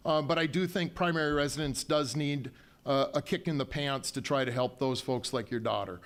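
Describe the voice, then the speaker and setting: A county official, a man with a mid-range, fairly bright voice, speaks at normal speed while fielding questions at a town hall. His public remarks come across as folksy and conciliatory, often broken by ums and restarts.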